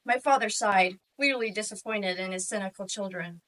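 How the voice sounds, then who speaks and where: A woman's voice: mid-range voice, normal speed. Wry woman telling a comic story. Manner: wry, deadpan comic narration. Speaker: student competitor. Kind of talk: humorous interpretation storytelling. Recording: voice distant from the mic.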